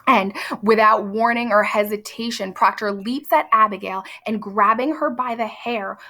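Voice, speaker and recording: A woman's voice: mid-range voice, moderate pace, pushed and bright. A young adult woman teaching, explaining a play in a casual way with lots of fillers. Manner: casual, many fillers, briefly acts out quoted lines.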